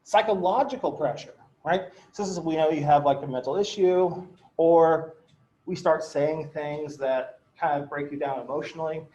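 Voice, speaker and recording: A man's voice: a little high, moderate pace, a little mellow. A man giving a casual law lecture, telling stories full of fillers and mild swearing, and often checking in with his students. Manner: chatty, filler-heavy, swears, checks in with "right?". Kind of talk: casual classroom lecture with anecdotes. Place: classroom. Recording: echoey, dull lecture-room recording.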